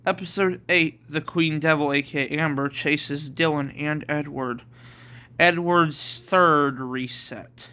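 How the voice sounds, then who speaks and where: A man's voice: fairly high pitch, fairly even intonation, slow, sharp tone, clear, resonant tone. A man reading his own homemade story aloud, plainly and with self-corrections.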